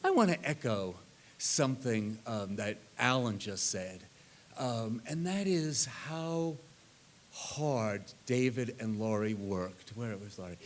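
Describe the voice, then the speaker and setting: An older man speaking at a reunion, telling animated anecdotes and acting out the people in them. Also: mid-range voice, takes it slowly, a little hiss or hum. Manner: animated anecdote teller, acts out others' lines. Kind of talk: storytelling talk.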